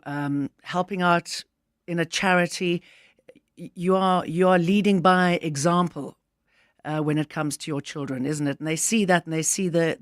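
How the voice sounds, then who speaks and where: Chatty radio host, bright and dry. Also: male voice, fairly high pitch, dry recording. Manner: chatty, with frequent restarts and fillers. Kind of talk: casual radio chat.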